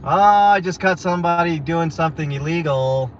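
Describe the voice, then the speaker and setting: A man's voice: fairly high pitch, moderate pace. A man live-streaming while driving, who talks bluntly and gives opinions to his viewers. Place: car on the road. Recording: muffled lo-fi with loud road noise.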